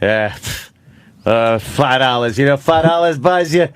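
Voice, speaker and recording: A man's voice: medium pitch, lively intonation, a little slow, clear, resonant tone, no echo, studio quality. A man, co-hosting a radio show and telling stories casually, with lots of swearing and laughter. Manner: profane storytelling, laughs often. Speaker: radio co-host.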